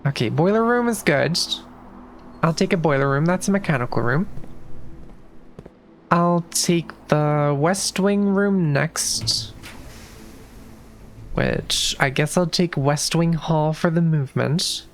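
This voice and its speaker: A woman's voice: low-pitched, slow pace, pauses often, slight background noise. A woman streaming a puzzle game, talking through her moves in loose, casual commentary and restarting her sentences often. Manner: thinks aloud, restarts sentences, swears casually.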